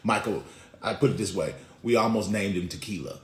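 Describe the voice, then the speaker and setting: A middle-aged man preaching a casual devotional, telling folksy family stories in an animated way. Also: on the low side, fairly quick. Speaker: pastor. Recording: roomy echo.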